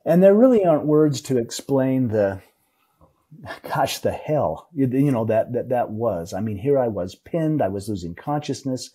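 Middle-aged man, husky warm voice, halting, repeats words, emotional storytelling guest. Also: mid-range voice, lively intonation.

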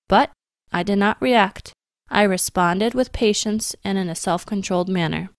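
A young adult woman reading a scripted parenting talk for a radio program in a calm, gentle, measured way. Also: medium pitch, no room sound, studio quality. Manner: calm, gentle and measured, acting out child-directed quotes.

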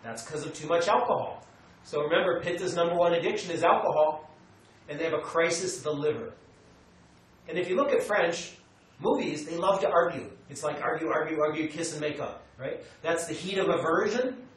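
An American man teaching a class, animated, acting out quotes and telling students what to note down. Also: fairly high pitch, moderate pace. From United States. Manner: animated, acts out quotes, tells students to take notes. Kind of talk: classroom lecture. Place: meditation center lecture room. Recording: echoey room, mic far away, light noise.

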